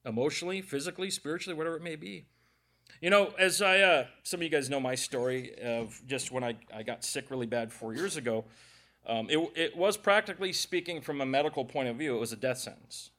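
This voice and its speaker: A middle-aged male preacher with a somewhat high voice gives a conversational sermon. He tells stories, cracks jokes and talks straight to people in the pews. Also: a little fast, a bit bright. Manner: jokey storytelling, addresses the congregation directly.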